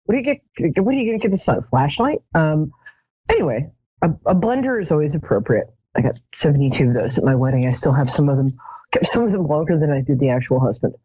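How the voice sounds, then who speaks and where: Low-voiced, wry psychic host woman. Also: sing-song, fast, dark tone, breathy edge, no room sound. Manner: wry, self-mocking humor with frequent ums. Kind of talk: casual live-show chat. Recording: dull, lo-fi webcam sound.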